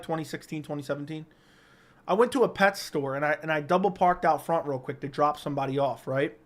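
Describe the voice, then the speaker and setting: High-voiced man telling stories on a livestream. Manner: profane, animated storytelling, answers chat. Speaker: livestream host. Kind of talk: casual storytelling livestream. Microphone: studio dynamic mic.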